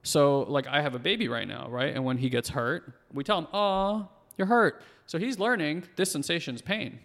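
Man in his thirties, gravelly voice, fast and animated, reverberant room. Podcast guest. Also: mid-range voice. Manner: fast-talking, animated storytelling with lots of fillers. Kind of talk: casual conversation.

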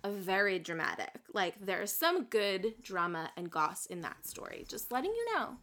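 A woman's voice: mid-range voice, very animated, normal speed, bright, forceful tone. A woman co-hosting a book chat, talking casually and laughing often. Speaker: book podcast co-host.

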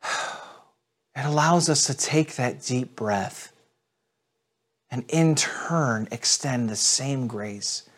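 A man's voice: medium pitch, breathy edge. A male pastor preaching a sermon to people watching online, in an earnest, direct manner. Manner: earnest, direct address with repetitions.

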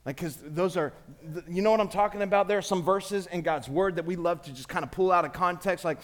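Pastor, male, 40s, high voice, casual preaching style that calls on the congregation. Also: animated, a little fast. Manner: conversational preaching with call-and-response. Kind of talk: sermon. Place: church sanctuary.

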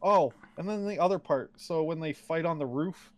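A man with a voice a little higher than usual rambles through a casual podcast recap. He swears freely and jokes as he talks. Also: moderate pace. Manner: rambling, profane, joking movie recaps. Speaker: podcast co-host. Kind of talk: casual chat.

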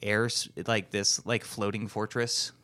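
A man's voice: on the low side, flat delivery, unhurried, sharp tone, dry recording. A man co-hosting a casual movie podcast, talking in an easygoing way with frequent hesitations and fillers. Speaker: podcast co-host. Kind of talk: casual chat.

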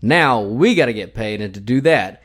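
A man's voice: medium pitch, animated, moderate pace. A man hosting a podcast in a casual, blunt style with plenty of swearing. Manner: profane, blunt, ranting. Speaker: podcast host.

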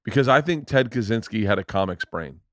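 A man's voice: on the low side, expressive, a little fast, fairly bright tone, no echo, clean studio sound. A man guesting on a comedy podcast, crude, laughing and self-mocking. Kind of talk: casual comedy chat.

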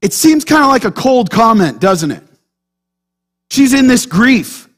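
A man preaching a sermon as pastor, animated and quizzing his congregation with frequent questions. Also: very high voice, a little slow. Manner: animated, keeps checking in with the congregation through questions.

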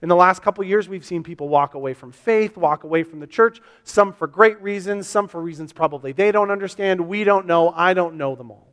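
High-voiced preaching man in a reverberant church. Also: a little fast, hardly any pauses, fairly bright tone. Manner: earnest, repetitive preaching with quoted questions. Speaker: pastor. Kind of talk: sermon. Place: church sanctuary. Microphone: to a camera for online viewers. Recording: long hall reverb.

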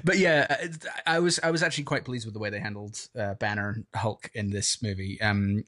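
A man's voice: on the low side, fairly quick, a bit bright. A young man co-hosting a casual film review chat, hesitant with many fillers but enthusiastic. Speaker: podcast co-host.

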